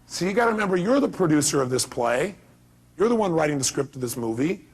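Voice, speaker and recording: A man's voice: on the high side, big pitch swings, fast talker, breathy edge. A man giving a motivational seminar talk, emphatic and full of rhetorical questions, acting out little dialogues. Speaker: motivational speaker.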